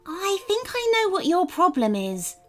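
A woman voicing a kind young female unicorn in a storybook, speaking gently and reassuringly. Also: extremely high pitch, big pitch swings, a little slow, voice pushed up, exaggerated voice. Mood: gentle.

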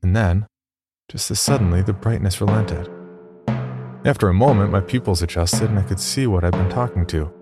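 Man, deep voice, first-person horror narration, wry and dry, music under it. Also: moderate pace.

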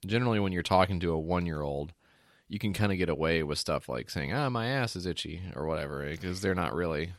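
A man's voice: low-pitched, quick pace, no echo. A man co-hosting a comedy podcast, laid-back, answering with dry wisecracks. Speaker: podcast co-host. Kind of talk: casual comedic chat.

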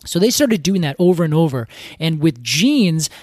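A podcast co-host with a fairly high, slightly mellow voice tells stories at a moderate pace, very animated and enthusiastic. The casual chat is full of "like" fillers, and the studio-quality recording has no echo.

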